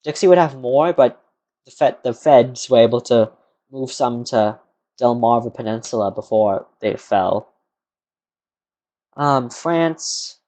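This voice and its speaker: A man's voice: mid-range voice, takes it slowly, pauses often, dark tone. A tired young man streaming live from his computer, rambling to himself and answering chat questions in a casual, muttering way. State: tired, yawning.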